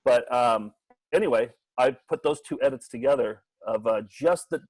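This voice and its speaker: Middle-aged man, mid-pitched voice, jokey co-host banter, close dry mic with no room sound. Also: normal speed, no echo, low-quality recording. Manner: animated, jokey, asks rhetorical questions. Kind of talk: casual comedic chat.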